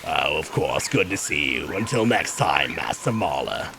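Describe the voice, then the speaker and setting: A streamer voicing a gruff male woodsman in a game, with a slow, halting, deep drawl. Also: sing-song, background noise, exaggerated voice. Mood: friendly. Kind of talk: game dialogue read aloud.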